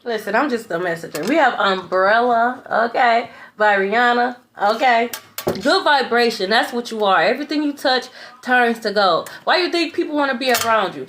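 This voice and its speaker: A woman's voice: a little high, animated, normal speed, fairly bright tone, slight background noise. A woman giving a spiritual tarot reading in a blunt, preachy way. She swears, laughs in scorn and keeps asking "okay?". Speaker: tarot reader.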